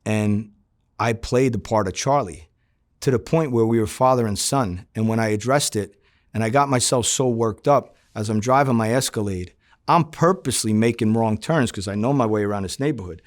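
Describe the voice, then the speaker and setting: A man's voice: lowish voice, moderate pace. A middle-aged man, a former undercover agent, telling his story in an interview, acting out quoted dialogue and swearing freely.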